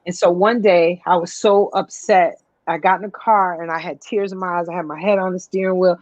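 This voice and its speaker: A middle-aged woman, a radio show guest, telling stories in a lively way and calling her listener honey. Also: lowish voice, a little fast, no room sound, lo-fi sound. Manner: animated storyteller, calls the listener honey. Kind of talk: casual radio conversation.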